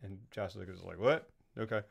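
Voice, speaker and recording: A man's voice: deep voice, brisk, gravelly, slightly rough. A man co-hosting a casual film review chat, retelling scenes in mock quotes and swearing freely. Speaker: podcast co-host.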